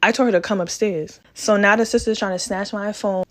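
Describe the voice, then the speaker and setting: A woman's voice: mid-range voice, steady tone, fairly quick. A young woman telling a dramatic storytime in casual slang, acting out the quotes.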